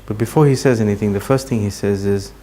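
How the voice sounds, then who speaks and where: A man giving a talk to an audience, telling a story at an unhurried pace and dropping his voice to near-quiet at emotional moments. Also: lowish voice, a little hiss or hum. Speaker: speaker at a training session.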